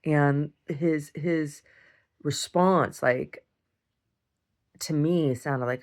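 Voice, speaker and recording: A woman's voice: sits low, takes it slowly, pauses often. A woman talking casually in a video diary, rambling and often repeating words and restarting sentences. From United States. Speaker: video diarist.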